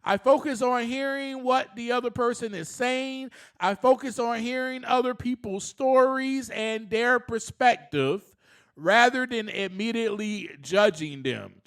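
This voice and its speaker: A man's voice: extremely high pitch, measured pace, gravelly, a bit bright, smooth. A man hosting a solo self-help podcast, speaking earnestly, often laughing, and rising to passionate emphasis. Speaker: podcast host.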